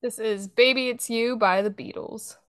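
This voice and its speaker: A young woman co-hosting a casual music chat, relaxed and thoughtful, announcing each track. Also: a little high, normal speed. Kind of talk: casual chat reviewing songs.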